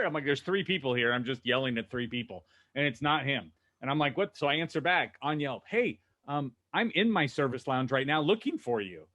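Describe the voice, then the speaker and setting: A man on a video call panel, telling lively stories about running a car dealership and acting out the voices he quotes. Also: a little high. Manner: animated storyteller, acts out quoted voices. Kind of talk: casual panel discussion.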